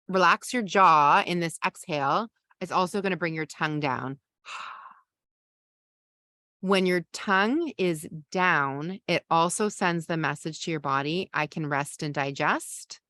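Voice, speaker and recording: A middle-aged woman with a fairly low voice teaches parents in a calm, gentle coaching tone. She takes slow pauses and lets out soft sighs between points. Her voice is close and dry, with no room sound. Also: no echo. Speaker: parenting podcast host.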